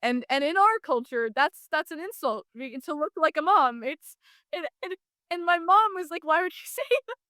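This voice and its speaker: A young woman hosting a podcast, chatty and animated as she tells stories, with many fillers and restarts. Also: high voice, normal speed, no room sound, clean studio sound. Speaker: podcast host. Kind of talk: casual podcast conversation.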